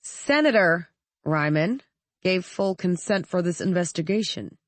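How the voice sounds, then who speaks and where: Woman reading man, journalist, calm, measured, audiobook. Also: deep voice, no room sound, close to an everyday voice. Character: calm, seasoned male journalist.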